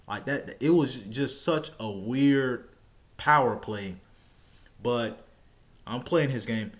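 A man's voice: medium pitch, expressive, measured pace, fairly bright tone. A man telling a personal story in a casual, rambling way, often repeating and restarting his words. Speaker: storytelling vlogger.

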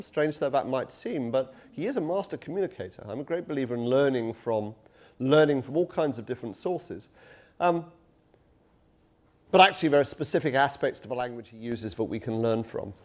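Chatty middle-aged man giving a lecture. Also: medium pitch. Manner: conversational, self-deprecating, many fillers and restarts. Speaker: guest lecturer. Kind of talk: public lecture. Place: university lecture room. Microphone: touchy handheld mic.

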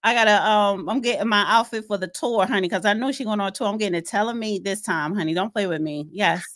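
A woman co-hosting a casual podcast chat, sassy and animated, calling people honey. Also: mid-range voice, quick pace. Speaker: podcast co-host.

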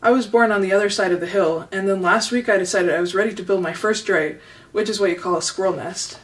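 A woman's voice: mid-range voice, fast, distant mic, lightly acted. A woman doing a chatty young squirrel girl. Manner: chatty, rambling.

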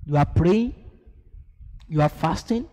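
A preacher playing a sly, sneering devil. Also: male voice, on the high side, animated, slow pace, mellow, voice pushed down. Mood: taunting. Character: Satan, male devil, sly and taunting. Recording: echoey hall.

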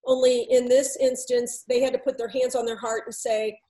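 A woman's voice: fairly high pitch, level tone, moderate pace, warm tone, poor audio. A middle-aged woman consultant recounting a story in a storytelling talk, relaying back-and-forth dialogue between herself and others. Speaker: workplace consultant.

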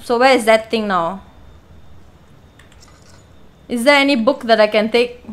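A woman with a high voice plays a horror game and talks her way through it. She speaks slowly and draws out her words. She is panicky, swears, and begs the monster out loud to leave her alone. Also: smooth, low-quality recording. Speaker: let's play gamer.

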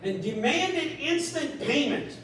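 A man preaching a sermon as pastor, animated, acting out a scripture story in quick little voices. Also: very high-pitched, a little hiss or hum. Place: church. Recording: echoey church room from a distance.

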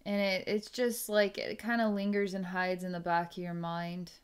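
A woman psychic giving an energy reading, musing aloud in a halting way and restarting her sentences as she goes. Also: fairly low pitch, flat delivery, clean tone. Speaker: psychic reader.

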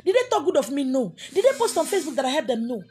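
A woman's voice: sits high, very animated, very fast, darkish tone, slight background noise. A Nigerian-accented woman speaking in a defiant, emphatic vlog monologue.

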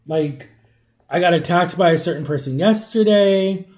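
Congested man, slightly high voice, halting confessional vlog from home. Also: a little mellow. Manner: rambling, halting, searching for words. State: congested, stuffy nose. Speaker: vlogger. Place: at home, eating on camera.

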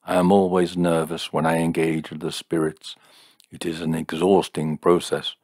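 A man's voice: low-pitched, completely flat delivery, moderate pace, a little mellow, no room sound, studio quality. A man doing a grave, solemn fortune teller. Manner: grave, mournful intoning. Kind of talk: audiobook character voice.

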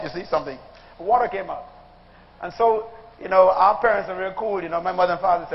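A man's voice: high-pitched, fast talker, creaky, slight background noise. A male pastor preaching a humorous sermon before a congregation, telling childhood stories, acting out voices and calling on the audience. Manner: animated storytelling, acting out voices, calls to the congregation. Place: church hall before a live congregation. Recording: dull sound in a reverberant hall.

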